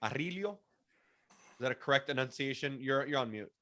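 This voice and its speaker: A man's voice: medium pitch, steady tone, fast talker, pushed and bright. A man whose first language is Spanish, presenting an online workshop and coaching attendees, often repeating words as he restarts sentences. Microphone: video call.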